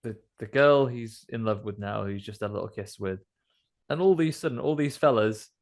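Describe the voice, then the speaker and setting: Gravelly British man telling a film story. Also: lowish voice, a little fast. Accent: British English. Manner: wry, slangy storytelling. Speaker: podcast co-host. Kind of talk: casual film chat.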